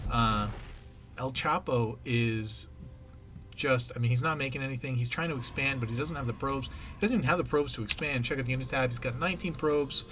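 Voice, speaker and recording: Man casting a strategy game, noisy. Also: mid-range voice. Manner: excited, pleading with players. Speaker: game caster. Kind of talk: game commentary.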